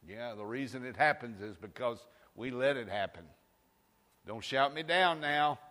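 A man preaching a sermon, firing rhetorical questions and rising to shouts. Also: medium pitch, normal speed, big-room sound. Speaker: pastor. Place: church sanctuary.

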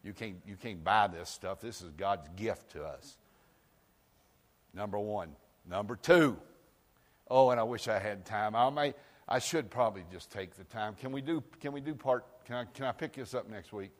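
A man preaching a sermon in a folksy way, moving from loud outbursts to quiet asides. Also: on the low side, normal speed, long reverb tail. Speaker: pastor.

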